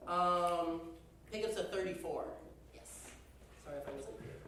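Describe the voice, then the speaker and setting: A man's voice: high-pitched, normal speed, a bit bright, a little hiss or hum. A young man conducting a band rehearsal, chatty and joking as he gives instructions. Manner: chatty, joking, uses y'all. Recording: very echoey hall from far off.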